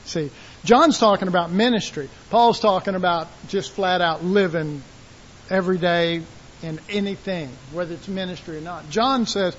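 A man preaching a sermon in a folksy, animated way, acting out quotes and shouting call-and-response lines. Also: high-pitched, moderate pace, highs cut off, slight background noise.

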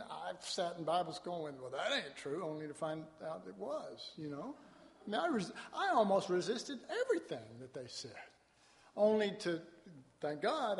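Man preaching in an echoing church hall. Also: high voice. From Dallas, Texas. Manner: folksy storytelling, colloquial, with laughs and asides. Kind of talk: sermon. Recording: long hall reverb.

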